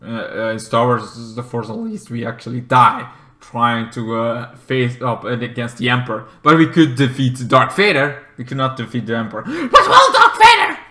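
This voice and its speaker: A man recapping a video game in a rambling, excitable way, swearing often and acting out the characters in big voices. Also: mid-range voice, normal speed, roomy sound. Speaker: game reviewer.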